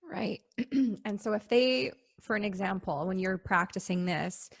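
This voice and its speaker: A woman hosting an interview, thoughtful and hesitant, with many pauses and fillers. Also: mid-range voice, creaky, breathy edge, no room sound, studio quality. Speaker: podcast host. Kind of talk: conversational interview.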